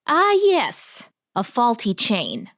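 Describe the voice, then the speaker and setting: A woman's voice: fairly high pitch, huge pitch swings, slow pace, fairly bright tone, pitched above the performer's own voice, heavily acted. A woman voicing a theatrical, gossipy small-town woman in an audiobook, coy and fond of drama. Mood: gossipy, dramatic. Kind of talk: audiobook character voice.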